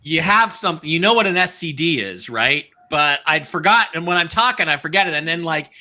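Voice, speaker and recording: An older man hosting a live online show, chatting casually and rambling with halting restarts. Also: a little high, animated, sharp tone. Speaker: host.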